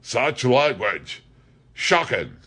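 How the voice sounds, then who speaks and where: Brief: a half-mad Cockney cook, as a male reader puts him on, high and squealing, greasy and craven. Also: wildly swooping pitch, unhurried, fairly bright tone, full character voice. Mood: mocking. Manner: smirking, then shrill pleading cries.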